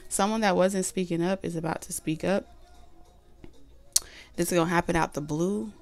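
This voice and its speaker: Woman reading tarot, casual and rambling, a bit low-pitched, voice wearing thin. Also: steady tone, moderate pace, soft background music. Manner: chatty, loose and repetitive with many fillers. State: losing her voice. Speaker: tarot reader.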